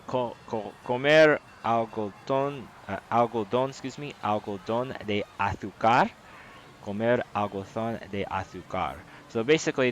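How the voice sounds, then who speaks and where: Halting American man translating a game. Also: on the low side, a bit bright, slight background noise. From United States. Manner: halting, self-correcting, full of fillers. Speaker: gameplay host translating dialogue. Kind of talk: casual gameplay commentary.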